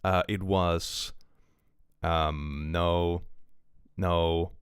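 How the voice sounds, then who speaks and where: A man's voice: sits low, flat delivery, extremely slow, clear, resonant tone, dry recording, studio quality. A man casually commenting on a live stream, reading posts aloud and reacting with a chatty, rambling manner and frequent laughs.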